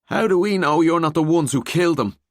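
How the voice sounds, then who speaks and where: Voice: medium pitch, fairly quick, dry recording, clean studio sound, pitched above the performer's own voice, close to an everyday voice. A male narrator voicing a scared young man who answers bluntly and defensively. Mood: suspicious.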